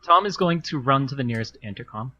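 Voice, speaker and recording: A man's voice: medium pitch, animated, fast talker, muffled recording, noisy background. A man playing a tabletop game, describing his character's actions with hesitant ums. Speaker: player.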